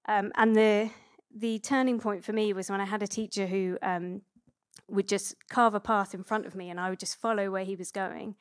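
A woman in her thirties preaches in an easy, chatty way, full of little fillers and restarts. Her voice sits at an ordinary middle pitch. The sound is dry and close, with no room echo. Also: normal speed, clean tone. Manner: chatty and relaxed, with many fillers and self-corrections. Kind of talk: conversational sermon.

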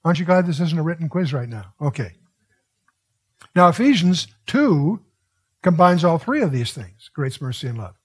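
This older man's voice is on the high side, sing-song and slightly rough, at normal speed. Going verse by verse through a Bible passage, he reads aloud and chats with his audience, asking them questions.

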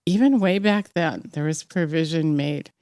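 Woman, preacher, fervent exhortation, scripture reading, slightly low voice, dry sound. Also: normal speed, mellow, no echo. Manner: fervent, exhorting, rising to emphatic peaks; reads scripture aloud with slips and restarts. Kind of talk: personal devotional sermon.

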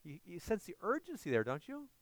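A man's voice: sits high, wildly swooping pitch, brisk, no echo. A man preaching a sermon as pastor, earnest and often asking his listeners questions.

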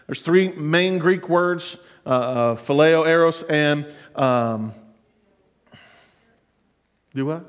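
A man's voice: a little high, takes it slowly, long pauses, clean tone. A middle-aged man preaching a sermon as pastor, earnest and building to fervent exhortation. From United States. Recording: long hall reverb.

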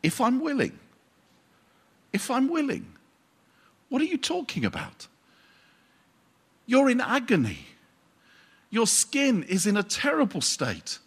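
A man's voice: very high-pitched, fairly bright tone, husky, voice pushed up, full character voice. A man preaching a sermon and voicing Jesus as an impassioned grown man who exclaims in disbelief.

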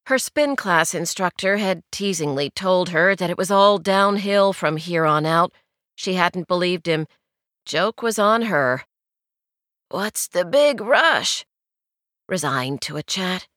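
Smooth, low-voiced woman narrating a novel. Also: a little slow, a bit bright, dry recording, studio quality. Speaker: audiobook narrator. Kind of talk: scripted narration.

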